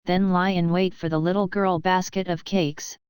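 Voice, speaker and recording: A woman's voice: fairly low pitch, flat delivery, normal speed, a little mellow, clean tone, no echo, studio quality, natural voice. A woman reading the lines of a sly, falsely polite male wolf in a children's storybook.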